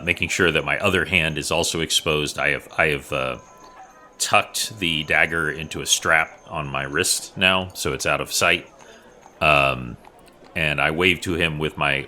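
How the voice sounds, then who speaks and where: A low-pitched man with a sharp, forceful edge to his voice describes his character's actions at a role-playing table. He speaks thoughtfully and courteously as a guest player.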